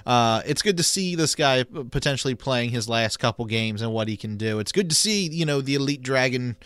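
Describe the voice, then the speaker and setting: A man co-hosting a casual sports talk show, speaking haltingly with many fillers and restarts. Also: medium pitch, expressive, a bit bright, clean tone, dry recording. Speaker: co-host.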